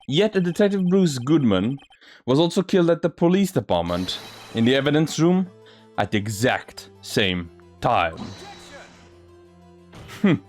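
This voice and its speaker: A man's voice: medium pitch, sing-song, a little slow, pauses often, a little mellow. A man reading a courtroom game aloud and doing every character's voice himself, sometimes stumbling over words. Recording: faint music behind.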